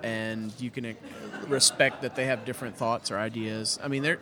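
A man's voice: mid-range voice, fairly even intonation, normal speed. Chatty man in a busy taproom. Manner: chatty, earnest, laughs easily. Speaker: podcast co-host and pastor. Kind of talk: casual chat. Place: brewery taproom. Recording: busy taproom crowd noise. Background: crowd chatter.

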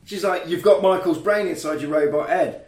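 A man with a high voice recounts a film plot with lively energy, slipping into voices for the characters. He sits a little back from the mic in an echoey room, with faint music underneath. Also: moderate pace, distant mic. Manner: animated retelling, acting out characters' lines with laughs. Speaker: podcast co-host recapping a film. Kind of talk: casual chat.

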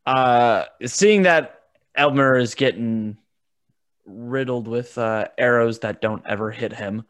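A man's voice: medium pitch, takes it slowly. A man playing a tabletop game, speaking hesitantly with lots of fillers. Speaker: player. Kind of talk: casual tabletop play.

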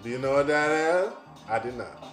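A man's voice: on the high side, expressive, moderate pace, natural voice. A man doing a mocking impression of a preachy older male talk-show scold who lectures people. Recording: roomy echo, faint music.

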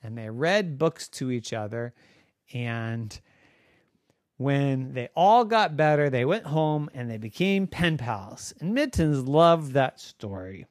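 A man telling an improvised bedtime story in a gentle, playful way. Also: mid-range voice, expressive, slow, no echo, studio quality.

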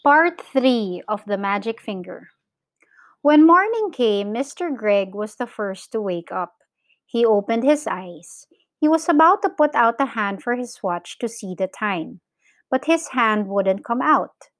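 A woman who teaches English reads a children's story aloud with no echo. Her fairly high voice moves slowly and clearly, giving the characters lively voices.

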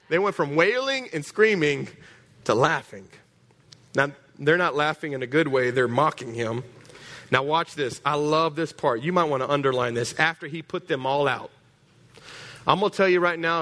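A man preaching a sermon as pastor, animated and joking, acting out voices. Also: on the high side. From Texas.

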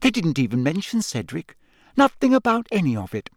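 A man voicing a clever, earnest teenage schoolgirl witch in an audiobook, talking in an eager, brisk, know-it-all way. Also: a little high, wildly swooping pitch, no echo, studio quality, pitched above the performer's own voice, heavily acted. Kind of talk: audiobook character voice.

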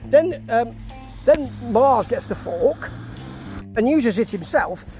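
A vlogger recaps a wrestling show in an easy, conversational manner. The delivery is full of dry asides and self-corrections, at a middling pitch. Soft music plays faintly in the background. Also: expressive, slow pace, poor audio. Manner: chatty and wry, with asides and restarts. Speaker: wrestling reviewer. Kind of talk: casual spoken review.

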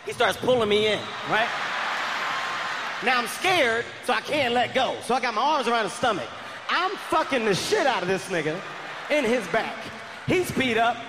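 High-voiced man shouting stand-up punchlines. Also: background noise. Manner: loud, animated, often shouting punchlines. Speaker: stand-up comedian. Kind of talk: stand-up storytelling. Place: large arena stage before a live crowd. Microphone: handheld stage mic. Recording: arena reverb with loud crowd.

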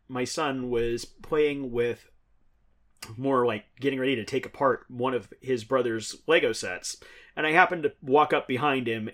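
Podcast host, thirties, man with a mid-range voice, relaxed and rambling, laughs easily. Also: mid-range voice. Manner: rambling, chuckling, conversational. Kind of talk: casual chat.

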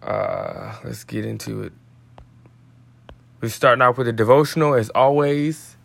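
A man's voice: medium pitch, unhurried, vocal fry, pauses often, fairly bright tone. A man hosting a podcast, reading a daily devotional in a casual, slangy way with tangents. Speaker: podcast host.

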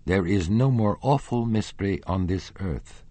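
A man's voice: deep voice, a little slow, warm tone, no room sound. A man voicing a frightened young female opera singer in an audiobook, pleading and fearful. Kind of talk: audiobook character reading.

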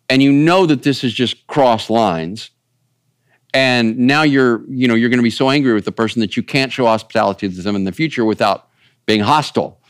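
A male pastor with a medium-pitched voice preaches a conversational sermon, folksy and rambling. He often turns to ask the listeners whether they follow. The studio sound is clean, with no echo.

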